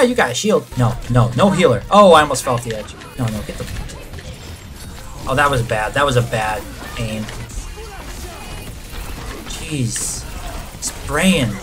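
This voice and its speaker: A man commenting live on his gameplay, his voice swinging widely in pitch as he yelps and mutters to himself. Faint game music plays behind him. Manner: excitable, reacts loudly to the action, mutters to himself. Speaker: gaming channel host.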